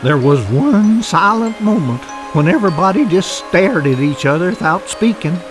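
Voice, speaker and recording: A man voicing an easygoing male dog who narrates a family radio drama in a relaxed, folksy way. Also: high voice, moderate pace, music in the background.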